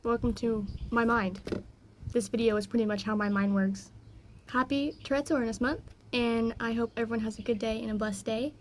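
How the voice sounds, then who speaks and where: A woman's voice: fairly high pitch, steady tone, brisk, slight background noise. Chatty young woman vlogging outdoors. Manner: rambling, easily distracted, frequent fillers. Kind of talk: casual personal vlog chat. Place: outdoors by a backyard garden.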